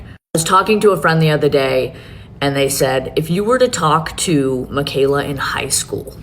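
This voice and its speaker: A woman with a low-pitched voice speaks as the founder of her own beauty brand. She talks earnestly and swears freely, and a faint rumble sits under her voice. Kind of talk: emotional announcement video.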